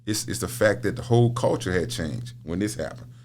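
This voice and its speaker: A middle-aged man with a very low voice chats as a podcast guest. He tells his stories loosely, repeating words and laughing often. A faint hum sits under the voice. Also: lively intonation, fairly quick, darkish tone. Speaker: podcast guest, prison minister. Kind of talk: casual interview talk.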